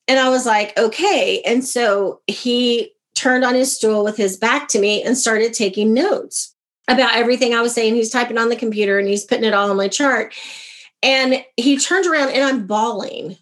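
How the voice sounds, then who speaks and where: A woman's voice: on the high side, normal speed. A woman, a guest and author from America, telling a personal story in an interview and acting out the dialogue. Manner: animated, acts out quoted dialogue.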